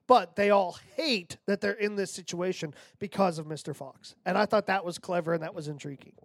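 Man, high voice, casual podcast chat, thinking aloud, dry sound. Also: fairly quick, no echo. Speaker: podcast co-host.

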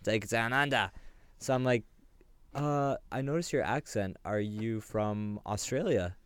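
A man's voice: fairly low pitch, a little slow, smooth, dry recording. A young man co-hosting a podcast, telling crude jokey stories in casual chat. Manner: joking, storytelling, crude. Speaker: podcast co-host.

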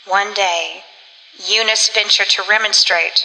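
Woman reading a spooky old story, really bright voice, long reverb. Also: a little high, measured pace. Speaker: audiobook narrator. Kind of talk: scripted narration.

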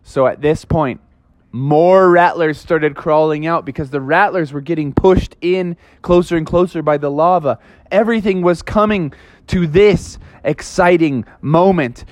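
A man's voice: on the high side, unhurried, dry recording. A man improvising a playful, dramatic story for children.

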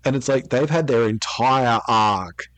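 A man chatting casually about tabletop games as a podcast co-host, animated and quick to laugh. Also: medium pitch, no room sound. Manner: animated, laughs often, acts out quotes.

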